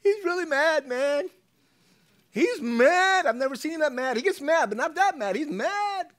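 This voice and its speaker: A man voicing a frightened young male servant, blurting his words high, loud and breathless. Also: expressive, moderate pace. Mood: alarmed.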